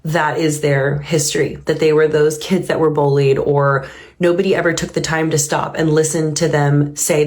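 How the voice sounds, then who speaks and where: A woman's voice: low-pitched, little pitch movement, moderate pace, a little mellow. A woman hosting a reaction video, musing earnestly and reflectively on a clip she has just watched. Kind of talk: reaction commentary.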